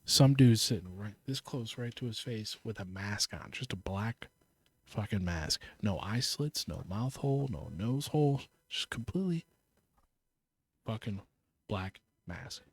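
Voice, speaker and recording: A man's voice: lowish voice, expressive, a little slow, breathy edge, dry recording. A man co-hosting a podcast in casual chat, animatedly retelling a film scene, swearing and acting out the lines. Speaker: podcast co-host.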